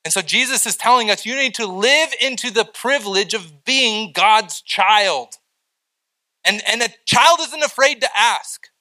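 Bright-voiced man preaching a sermon. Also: high voice, unhurried, rough recording. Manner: animated storytelling, acting out quoted voices. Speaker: pastor.

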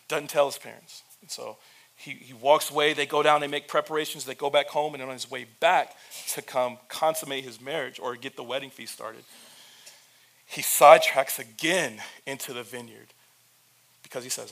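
A pastor preaching, retelling the story with humor and speaking directly to the church. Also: male voice, medium pitch, normal speed, fairly bright tone. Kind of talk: sermon.

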